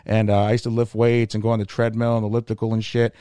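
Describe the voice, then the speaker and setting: A man telling a crude, rambling story in a casual podcast chat, swearing constantly and speaking with animated energy. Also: on the low side, fast, clear, resonant tone, no room sound. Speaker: comedian podcast host.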